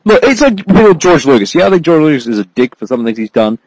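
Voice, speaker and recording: A man's voice: fairly high pitch, big pitch swings, fast talker, darkish tone, no room sound, low-quality recording. A man co-hosting a podcast, blunt, profane and dismissive in a casual chat. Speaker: podcast co-host.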